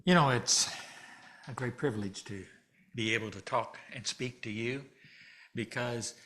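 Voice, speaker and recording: Guy minister giving a chatty sermon, cracks jokes, folksy and easygoing, mid pitch. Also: a little slow, fairly bright tone. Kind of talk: conversational sermon. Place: church hall. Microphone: handheld or stand mic, slightly ringing.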